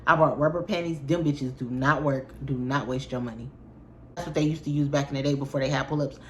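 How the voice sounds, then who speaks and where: A young woman with a low-pitched voice talks to her viewers in a loose, slangy storytime vlog. She rambles and vents in a lively, expressive way. A faint hiss sits under the recording. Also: fast. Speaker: vlogger. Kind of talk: casual storytime chat to camera.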